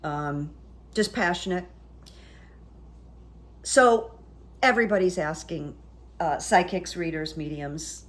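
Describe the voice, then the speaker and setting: A woman's voice: lowish voice, expressive, slow, pauses often, a little hiss or hum. A middle-aged woman, a psychic, chatting casually on her vlog in a rambling, storytelling way full of fillers. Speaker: psychic YouTuber.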